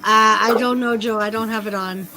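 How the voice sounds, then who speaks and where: A woman's voice: fairly high pitch, fairly even intonation, moderate pace, noisy background. Teasing woman co-host. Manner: teasing, laughs often. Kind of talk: casual chat.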